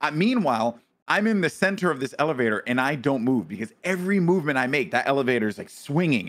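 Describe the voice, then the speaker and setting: A man co-hosting a podcast, telling a story in a dramatic, animated way with frequent restarts and casual swearing. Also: medium pitch, fast, few pauses. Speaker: podcast co-host.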